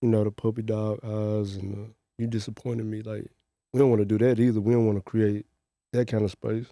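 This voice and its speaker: A man chatting casually on a podcast, laid-back and quick with short affirmations. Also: lowish voice, flat delivery, warm tone, no room sound, clean studio sound. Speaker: podcast guest.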